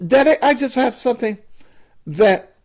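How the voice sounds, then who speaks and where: A man voicing a nervous young adult son who speaks in a high, breathy, pleading voice. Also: expressive, moderate pace, darkish tone.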